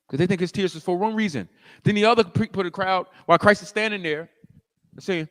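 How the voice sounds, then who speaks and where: A man preaching a sermon as pastor, telling the story in animated fashion, acting out the scene and rising to shouts. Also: high-pitched, moderate pace, pauses often, in a large hall.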